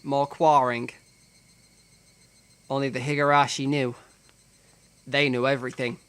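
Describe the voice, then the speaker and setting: Bright-voiced man reading a visual novel. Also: medium pitch, level tone, a little slow, clear, resonant tone. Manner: dramatic reading with joking, profane asides. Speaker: streamer.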